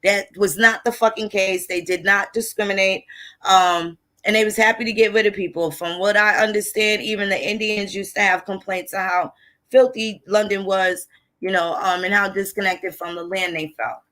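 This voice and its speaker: Sharp-toned and medium in pitch, this woman speaks at a normal speed with fairly even intonation. She hosts a history channel and gives a casual, blunt, conversational lecture on old archive records, cursing freely along the way.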